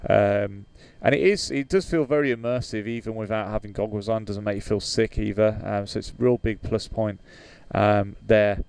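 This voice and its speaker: A man's voice: on the low side, steady tone, normal speed, vocal fry, few pauses, a little mellow, clear, resonant tone. A British man hosting a flight sim livestream in casual chat, hesitant with many fillers, reading out viewer comments and laughing easily.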